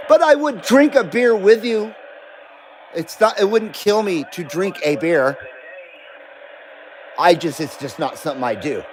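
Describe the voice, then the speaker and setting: A man's voice: sits high, expressive, unhurried, pauses often, rough recording. A middle-aged man hosting a CB radio livestream, chatting casually and rambling with frequent swearing and laughter. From Nevada, US. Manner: laid-back, rambling, swears and laughs often. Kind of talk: casual live-stream chat.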